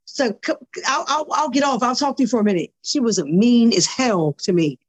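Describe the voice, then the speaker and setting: A woman guest on a podcast, telling her story in a casual, animated way, acting out conversations and repeating words when excited. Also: fairly high pitch, moderate pace, breathy edge.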